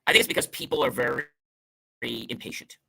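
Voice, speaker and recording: A man's voice: fast talker, vocal fry, pushed and bright, husky. A middle-aged man hosting a motivational talk show, speaking emphatically and playing with stress and tone to make his points. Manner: emphatic, varies stress and tone to demonstrate meaning; salesy, upbeat sign-off pitch. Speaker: host.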